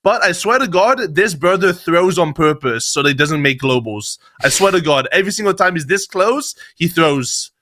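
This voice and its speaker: A man co-hosting a gaming podcast, talking in an animated, joking and emphatic way. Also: a little high, normal speed, few pauses, slight background noise. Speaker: podcast co-host. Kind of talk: casual chat.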